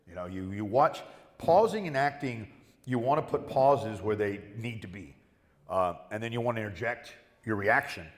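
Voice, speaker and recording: A man's voice: fairly low pitch, moderate pace. A middle-aged man, a guest actor on a convention panel, telling profane anecdotes and acting out the people in them. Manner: animated, profane, acts out quoted voices. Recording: echoey hall with long reverb.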